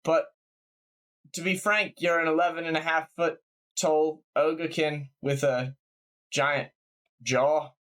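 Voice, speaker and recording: A man's voice: on the high side, level tone, slow pace, pauses often, a bit bright. A man running a tabletop game as game master, talking casually with fillers. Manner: casual, rambling, many fillers.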